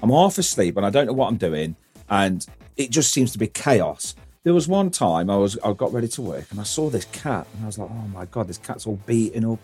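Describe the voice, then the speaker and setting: A man's voice: fairly low pitch, darkish tone. A man hosting a casual podcast, rambling through stories, swearing freely and laughing often. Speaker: podcast host.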